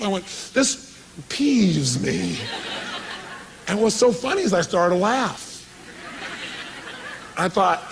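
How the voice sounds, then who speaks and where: A man's voice: high-pitched, vocal fry, fairly bright tone, slight background noise, rough recording. A man giving a motivational seminar talk, telling a story with quoted dialogue and questions to the audience. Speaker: motivational speaker.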